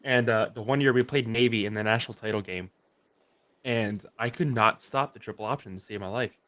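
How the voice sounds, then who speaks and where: A young adult man co-hosting a casual sports livestream, telling animated stories full of "like" fillers. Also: fairly low pitch, brisk. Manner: animated storyteller, many "like" fillers. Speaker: co-host.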